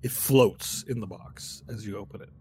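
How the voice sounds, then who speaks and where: A man's voice: lowish voice, moderate pace, a little mellow. A man running a tabletop game as game master, narrating in a casual, descriptive way. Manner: casual, descriptive, hesitant fillers.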